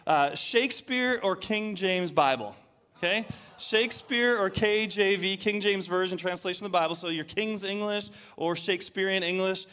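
Upbeat pastor guy, fairly high voice, joking around with the church crowd. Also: moderate pace, smooth. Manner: energetic, playful with the congregation. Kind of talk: sermon with audience game.

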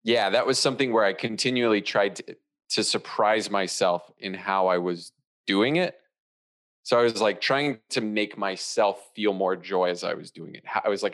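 A man's voice: on the low side, normal speed. A man, an improviser co-hosting a podcast, chatting playfully about improv technique. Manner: playful, jokey, animated. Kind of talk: casual chat reviewing an improv show.

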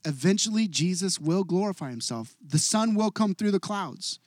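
A man in his forties preaches with a high, light voice, earnest and confessional. He drops to a hush and then lifts his voice again. The sound is close and dry, with no room around it. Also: lively intonation, normal speed, no room sound. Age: 40s. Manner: earnest, confessional, swings from hushed to loud. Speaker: pastor. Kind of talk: sermon.

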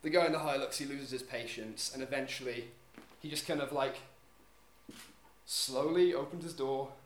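Animated man telling a story. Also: mid-range voice, normal speed. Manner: animated, acts out scenes with sound effects. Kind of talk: live storytelling. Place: live event venue. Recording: echoey venue with background noise.

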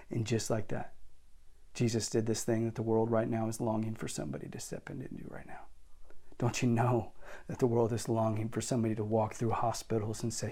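A man's voice: medium pitch, steady tone, moderate pace. Emphatic male pastor preaching. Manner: emphatic, moving between intense and quiet. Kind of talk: sermon.

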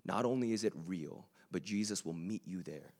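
A man's voice: low-pitched, moderate pace, darkish tone. A man preaching a sermon to a live room, earnest and conversational, with joking asides to the audience.

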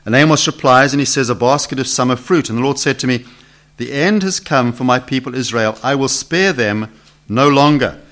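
A man's voice: medium pitch, fairly quick, fairly bright tone. Conversational male Bible teacher. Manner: conversational, asks the group questions, acts out quoted voices. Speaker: preacher. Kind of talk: Bible teaching to a small group. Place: meeting room with a live group.

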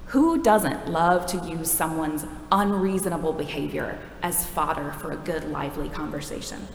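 A woman with a slightly low voice gives a sermon in an easy, conversational way, wry and ready to laugh at herself. Her voice echoes through a large, reverberant hall, with faint room noise behind it. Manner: conversational, wry, self-deprecating. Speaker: preacher.

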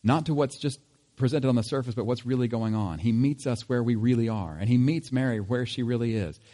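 A man's voice: medium pitch, fairly quick, dark tone. A man preaching a sermon in a conversational tone, asking rhetorical questions. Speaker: pastor.

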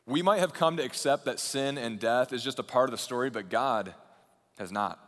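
A male pastor delivers a sermon in a voice of ordinary middle pitch. His delivery moves between urgent, raised stretches and hushed, quiet passages. The sound carries the long reverb of a large hall. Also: moderate pace.

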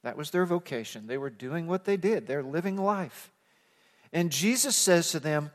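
Male pastor, conversational sermon with impassioned peaks, slightly high voice, reverberant church. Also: normal speed. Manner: conversational storytelling, rising to impassioned emphasis. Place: church sanctuary. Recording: long reverb of a church sanctuary.

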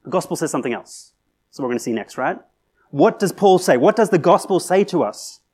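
A man's voice: fairly high pitch, animated, a little fast, darkish tone, breathy edge. A man preaching a sermon in a conversational way, with fillers and restarts, building to emphatic peaks. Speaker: pastor.

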